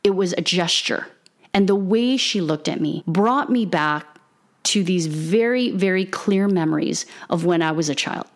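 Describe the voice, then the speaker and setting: A woman's voice: on the low side, measured pace. A middle-aged mother telling a personal story in a casual monologue, acting out the people in it with big jumps in her voice.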